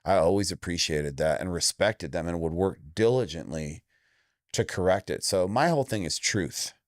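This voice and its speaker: A man's voice: moderate pace, no room sound, studio quality. A man in his forties from Indiana, a fight coach talking bluntly and emphatically in an interview. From Indiana, USA. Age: 40s. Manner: blunt, emphatic, acts out quoted lines with jumps in pitch. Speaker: MMA coach, guest. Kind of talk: candid interview talk.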